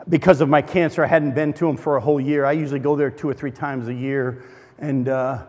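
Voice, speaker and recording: A man's voice: medium pitch, darkish tone. A man preaching a sermon, telling a story in a conversational, humorous way. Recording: long reverb of a large hall.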